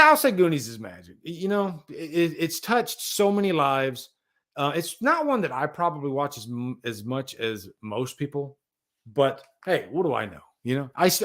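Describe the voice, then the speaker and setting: Enthusiastic male streamer, rambling casual chat, slightly high, lively pitch. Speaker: livestream host. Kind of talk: casual live-stream chat about movies.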